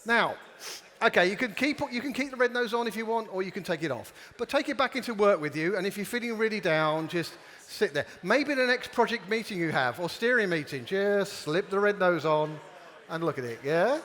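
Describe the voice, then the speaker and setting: Speaking a little fast in an animated, high, fairly bright voice, a male conference speaker jokes around and runs audience participation games. The live conference hall gives the recording a long reverb.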